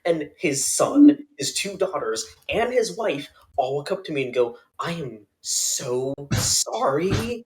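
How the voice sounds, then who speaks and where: Young man telling an animated story. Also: fairly high pitch, moderate pace, hardly any pauses. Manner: animated, laughing, acts out quoted people. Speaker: podcast co-host. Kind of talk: casual storytelling chat.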